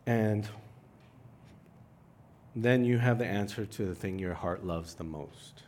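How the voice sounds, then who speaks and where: A young adult man preaching a sermon in an animated way, his voice climbing for emphasis and mixing in self-deprecating asides. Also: on the low side, takes it slowly, slight background noise. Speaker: pastor.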